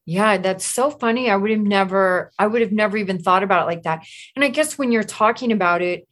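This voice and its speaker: A woman host with a mid-range voice, chatting casually on a podcast. She gets animated when telling stories and laughs easily. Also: mid-range voice, a little fast.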